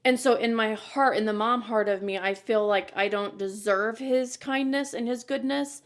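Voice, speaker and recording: A woman's voice: fairly high pitch, moderate pace. A woman in her thirties hosting a podcast, talking candidly and earnestly in a casual chat. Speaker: podcast host.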